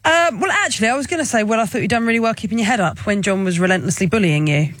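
A woman co-hosts a radio show in casual comedic chat. She talks quickly in a mock-serious way. Her voice sits in the middle of the range. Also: mid-range voice, expressive, a bit bright, dry recording. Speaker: radio co-host. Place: radio studio.

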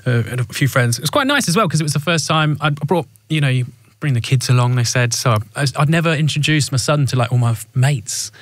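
A man's voice: mid-range voice, lively intonation, fast talker, no echo. Wry man telling anecdotes. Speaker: radio co-host. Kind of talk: casual radio banter.

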